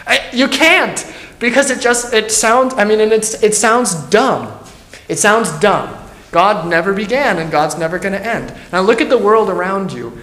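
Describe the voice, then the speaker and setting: A man's voice: high voice, fairly bright tone. A man, a pastor, teaching a Bible study in an earnest, emphatic way and thinking aloud as he goes. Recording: roomy echo.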